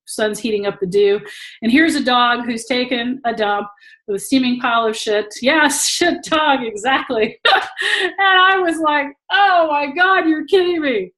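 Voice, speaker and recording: A woman with a slightly high voice talks loosely to a live online audience over a video call. She is a tantra teacher, and she breaks into laughter often as she tells her stories. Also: a bit bright, rough recording. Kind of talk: casual talk to an online audience.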